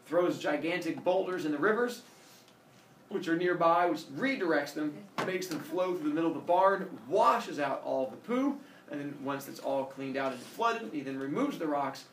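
A male teacher telling a myth to his class in a playful, animated way, asking the students questions. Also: fairly high pitch, normal speed, slight background noise. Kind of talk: storytelling to a class. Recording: echoey classroom from far off.

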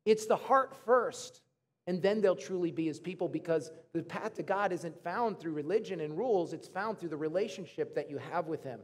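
A man preaching a sermon as a pastor, animated, acting out quoted arguments in a raised voice. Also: high voice, moderate pace. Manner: animated, acts out arguing with God in raised voice. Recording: long hall reverb.

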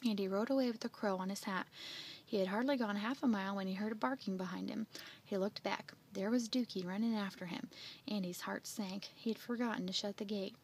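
A woman gently and expressively reading a children's book aloud. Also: medium pitch, steady tone, fairly quick, slight background noise. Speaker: storyteller.

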